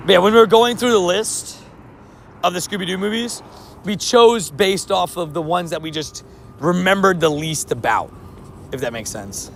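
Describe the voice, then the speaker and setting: A man in casual live-stream chat, talking loosely with his viewers. His voice sits fairly high for a man and carries a steady gravelly fry. He often trips over his words and breaks into laughs. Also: moderate pace, slight background noise. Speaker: mobile game streamer.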